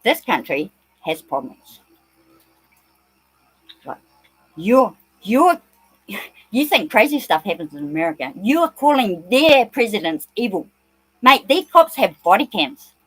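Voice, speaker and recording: A woman's voice: mid-range voice, big pitch swings, unhurried, long pauses, husky, poor audio. A woman with a New Zealand accent, ranting agitatedly in a rambling monologue and swearing often.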